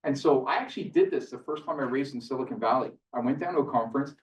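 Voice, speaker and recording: A man's voice: medium pitch, fast talker. A man giving a live seminar talk, telling stories in a chatty way and acting out both sides of conversations. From Canada. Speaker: seminar speaker. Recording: roomy hall, mic at a distance.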